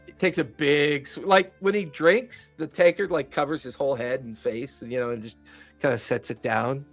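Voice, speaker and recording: A man running a tabletop game as game master, narrating in an animated, laughing way. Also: mid-range voice, moderate pace, soft background music.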